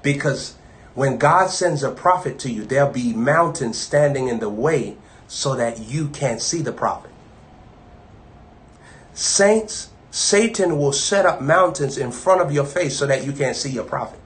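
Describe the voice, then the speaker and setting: A man preaching an informal live-streamed sermon, talking conversationally and repeating himself, moving from loud bursts to low asides. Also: animated, unhurried.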